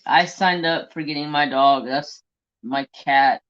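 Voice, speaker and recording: A man hosts a live craft stream in a bright, forward voice, chatting bluntly and swearing freely. The talk is loose and chatty. The audio is dull and lo-fi. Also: a little high, fairly even intonation, a little slow. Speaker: craft livestream host. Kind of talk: casual live-stream chat.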